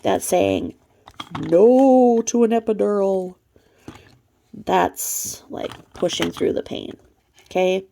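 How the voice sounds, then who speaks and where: A woman's voice: medium pitch, expressive, slow pace, vocal fry, long pauses, warm tone, a little hiss or hum. A woman hosting snarky gossip commentary, profane, mocking and blunt. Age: adult mother. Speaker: commentary channel host.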